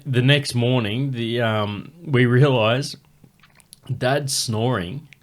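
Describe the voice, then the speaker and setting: A man with an Australian accent hosting a casual podcast, blunt and swearing freely. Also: mid-range voice. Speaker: podcast host. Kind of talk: casual chat.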